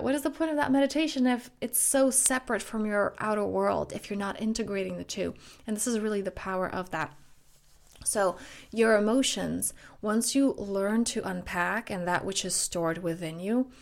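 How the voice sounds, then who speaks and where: A woman self-growth coach talking earnestly in a flowing podcast monologue, with repetitive phrasing and a gently guided breathing exercise. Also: mid-range voice.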